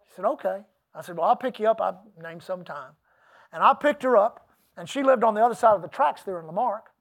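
Casting: middle-aged man, pastor, emphatic folksy sermon storyteller, high-pitched voice. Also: expressive, a little fast, fairly bright tone. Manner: storytelling, folksy and emphatic, with laughs and asides to the congregation.

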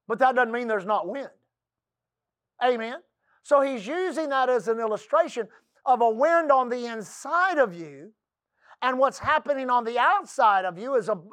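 A man from the Texas coast preaching a folksy sermon in church, calling out for amens and dropping into a soft low voice for quotes. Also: no echo.

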